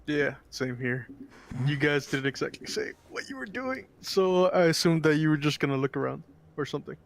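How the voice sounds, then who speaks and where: A man taking part in a tabletop game as a player, speaking in a measured, polite way. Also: fairly high pitch, lively intonation, creaky. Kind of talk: in-character play at a tabletop game.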